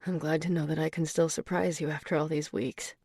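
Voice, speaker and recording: Audiobook male lead voiced by a woman: a seductive, assured man, low and murmured. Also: little pitch movement, fairly quick, a little mellow, breathy edge, dry recording, studio quality. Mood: intimate. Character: confident seductive adult man, tender lover.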